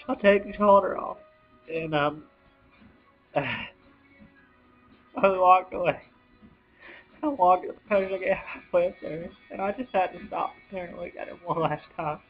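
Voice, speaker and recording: A young man speaks in halting, choked-up bursts, breaking off with sighs and starting sentences over. His voice sits a little high for a man and sounds close to tears. The home video audio is dull and lo-fi, with faint music underneath. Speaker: vlogger. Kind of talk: emotional personal account.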